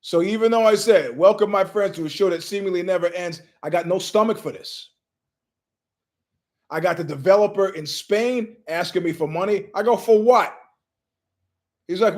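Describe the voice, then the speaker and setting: A man's voice: sits high, fairly quick. A man hosting his own show, rambling through stories from his living room and acting out the voices of people he quotes. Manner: storytelling, acts out quoted voices. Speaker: show host. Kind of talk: rambling monologue.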